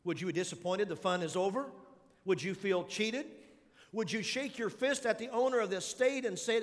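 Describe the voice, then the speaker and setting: A man's voice: sits high, moderate pace, in a large hall. A male pastor preaching a sermon in numbered points and putting questions to his congregation in a large church.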